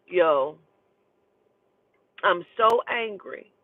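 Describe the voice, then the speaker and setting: A woman's voice: medium pitch, slow, pauses often, no room sound. A woman telling a story in a casual, profane and emphatic way. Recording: tinny phone line, dry.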